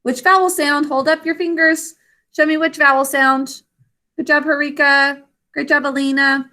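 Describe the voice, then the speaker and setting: A woman teaching an online spelling and grammar lesson over a video call, slow, clear and encouraging as she sounds out words. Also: high-pitched, flat delivery, bright, forceful tone.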